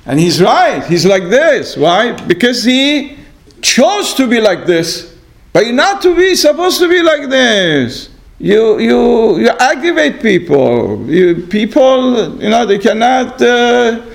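A man teaching an informal religious class to a small group, talking in loose, repetitive phrases full of "you know" and sometimes dropping to a soft, low voice for asides. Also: vocal fry, rough recording. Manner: repetitive, many "you know" fillers, acts out exchanges.

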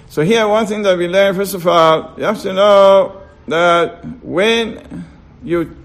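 A man leads an informal class in a high voice with a gravelly rasp. He keeps asking his listeners rhetorical questions and checks that they are following. He repeats key words over and over for emphasis. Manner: checks on listeners with short asides. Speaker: Torah teacher. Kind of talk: casual classroom lecture.

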